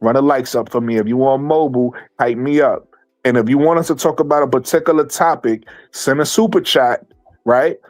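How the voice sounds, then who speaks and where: A man's voice: mid-range voice, steady tone, brisk. A man hosting a casual livestream chat, talking animatedly, repeating himself and swearing freely. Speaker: livestream host.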